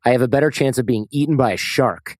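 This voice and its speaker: A man's voice: medium pitch, a little mellow, dry recording, studio quality. Easygoing man hosting a casual chat. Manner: easygoing, quick to laugh and agree. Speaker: podcast host. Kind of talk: casual podcast conversation.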